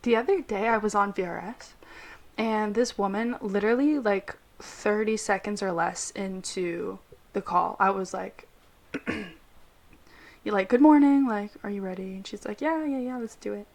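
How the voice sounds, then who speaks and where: A young woman co-hosts a casual podcast chat over a remote call, trading playful jokes and giggling often. Her voice sits at a middling pitch. She keeps things loose and chatty. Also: steady tone, unhurried. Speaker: podcast co-host, ASL interpreter. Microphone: remote call mic.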